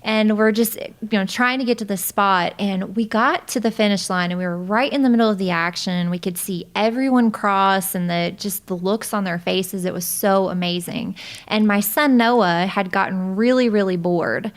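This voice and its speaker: A woman in her thirties, a podcast guest telling a personal story in a lively, animated way and laughing often. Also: mid-range voice, normal speed.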